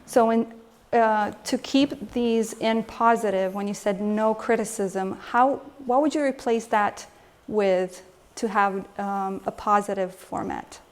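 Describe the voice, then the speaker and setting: A woman's voice: medium pitch, steady tone, takes it slowly. A woman emotional health coach giving a lecture to a live group, engaging the audience with frequent questions.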